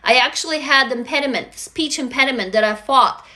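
A woman from Russia, Russian by first language, hosting a casual livestream chat, energetic, greeting viewers and swearing freely. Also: sits high, a little fast. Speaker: livestream host.

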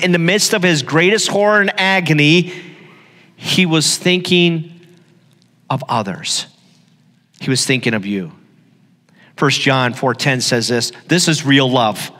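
A man's voice: a little high, pushed and bright. A middle-aged man preaching a sermon as pastor, telling stories with emphatic repetition. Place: church hall. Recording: long hall reverb.

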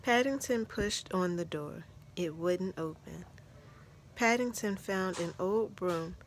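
A woman reading a children's story aloud in a gentle, measured storytelling manner. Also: fairly low pitch, a little hiss or hum. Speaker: storybook narrator.

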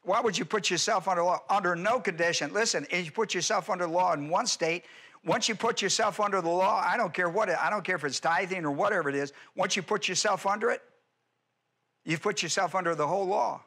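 Bright-voiced pastor teaching Greek grammar. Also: male voice, high-pitched, brisk. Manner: emphatic, rhetorical questions, explains Greek grammar. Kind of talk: expository Bible teaching sermon.

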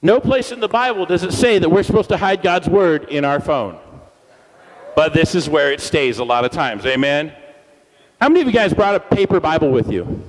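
An energetic man leads a church crowd through chants and call-and-response in a high, bright voice that swoops up and down. His words ring out with a long reverb through the church hall. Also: moderate pace. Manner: energetic and playful, leading the crowd in repeated chants. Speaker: guest speaker at a church service.

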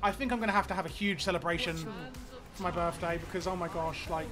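A high-pitched man talks casually to his live-stream viewers while he plays. He rambles and stammers, repeating words as he gets excited. Faint music plays underneath. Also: quick pace.

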